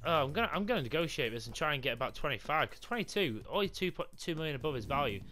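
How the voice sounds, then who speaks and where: A young man commentating his football game, swearing and shouting in frustration. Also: fairly high pitch, sing-song, rapid-fire, faint music behind. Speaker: gaming YouTuber. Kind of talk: raging gameplay commentary.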